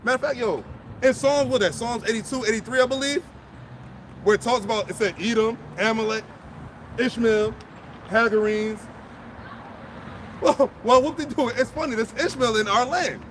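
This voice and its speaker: Outdoors, a fired-up street preacher delivers a blunt, profane sermon, driving home every point through repetition. His voice is very high, and there's a slight hiss or hum on the recording.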